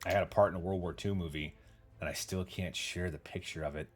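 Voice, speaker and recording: A man's voice: sits low, fairly even intonation, fast, faint music behind. A man hosting a casual livestream chat, telling rambling stories with casual swearing and answering viewer comments. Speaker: podcast host.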